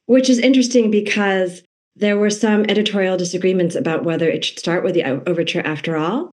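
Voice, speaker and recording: A woman's voice: medium pitch, steady tone, quick pace, darkish tone. A woman from Massachusetts, an author guest on a podcast, talking eagerly and cutting herself off mid-sentence. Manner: eager, fan-like, self-interrupting. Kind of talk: casual interview chat.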